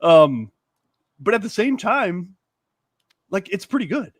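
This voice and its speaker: A man co-hosting a casual sports talk show, animated and rambling, often laughing and restarting his sentences. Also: high-pitched, slow pace, breathy edge, dry recording, studio quality. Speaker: sports radio co-host.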